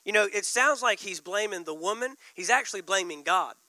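A man's voice: high-pitched, expressive, brisk, sharp tone, dry recording, low-quality recording. A man preaching a sermon, building emphasis and repeating key lines. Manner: preaching with rising emphasis and repetition. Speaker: pastor.

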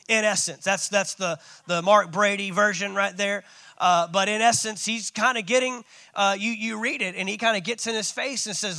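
A man's voice: high voice, moderate pace, pushed and bright, no echo. A man preaching a sermon as pastor, calling out to his congregation. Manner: preaching with call-outs.

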